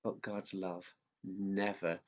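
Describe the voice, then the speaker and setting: Unhurried pastor. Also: male voice, low-pitched, little pitch movement. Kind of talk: children's sermon talk. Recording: dull lo-fi sound.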